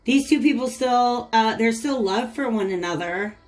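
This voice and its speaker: Woman, tarot reader, chatty and casual, fairly high voice, soft music behind. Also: moderate pace. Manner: chatty, talks to viewers and the cards. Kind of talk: casual channeled tarot reading.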